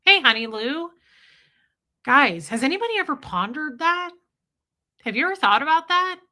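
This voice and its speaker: A woman's voice: high voice, very animated, normal speed, bright, forceful tone. A woman hosting a live stream in casual chat, rambling and greeting viewers between her thoughts.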